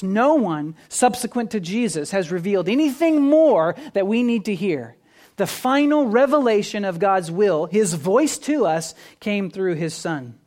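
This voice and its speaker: A man preaching a sermon in an earnest way, building to emphatic peaks and then dropping low and quiet. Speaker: pastor.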